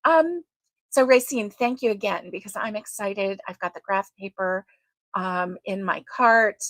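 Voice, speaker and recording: A woman hosting a casual crochet livestream, chatting slowly with lots of ums and greeting viewers by name. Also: mid-range voice, no echo. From United States.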